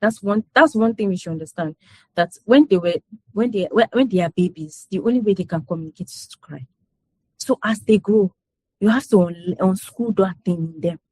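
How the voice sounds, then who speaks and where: A woman's voice: mid-range voice, normal speed, warm tone, dry recording. A woman talking casually to a group about parenting, often checking in with "do you understand" and laughing as she tells stories. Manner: conversational, repeats herself, frequent "you know" and "do you understand". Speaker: parent speaker in a parenting session.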